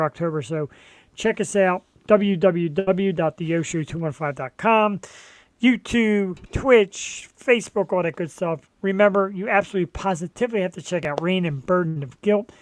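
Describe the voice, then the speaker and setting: A man hosting a live online show, chatting casually in an excitable, rambling, joking way. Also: high-pitched, dry recording. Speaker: host.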